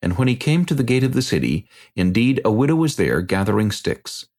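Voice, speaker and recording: Man, scripture narrator, deep voice, lively intonation, measured delivery.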